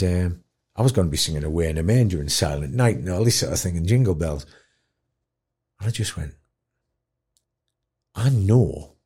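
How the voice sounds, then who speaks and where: A man telling an emotional story, animated and dropping to a hush at tender moments. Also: sits low, husky. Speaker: guest musician in care.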